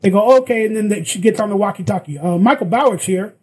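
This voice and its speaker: A man's voice: sits high, fast talker, slight background noise, poor audio. A man telling a story in casual chat, acting out the lines of the people in it. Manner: animated, acts out quoted lines. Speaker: guest actor.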